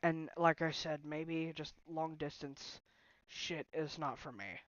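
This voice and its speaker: A man's voice: a little high, steady tone, slow pace, fairly bright tone, no room sound, muffled recording. A young man talking to his viewers on a phone stream, upset and sighing, his voice close to breaking. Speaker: livestreamer. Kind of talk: emotional personal talk to viewers.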